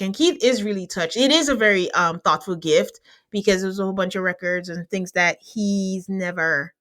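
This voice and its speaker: A woman in an easygoing podcast chat, talking at a middle pitch that is neither high nor low. She recaps episodes with a teasing edge, often breaking into laughter between remarks. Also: fairly bright tone. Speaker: podcast host recapping a reality show. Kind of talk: casual chat.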